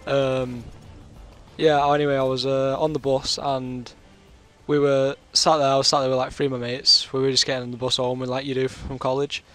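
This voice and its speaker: A man's voice: medium pitch, level tone, normal speed, fairly bright tone, faint music behind. A British man with a sore throat, telling a long rambling story in casual chat over his gameplay. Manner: rambling, chatty, full of fillers. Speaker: gaming commentator.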